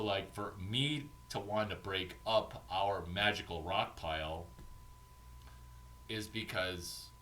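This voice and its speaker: A man talks through an informal coaching session as a mentor, swearing freely and slipping into acted snatches of banter. His voice sits on the low side but cuts through with a hard, tense brightness. A faint hiss runs underneath. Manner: profane, animated, acts out quoted banter. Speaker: entrepreneurship mentor.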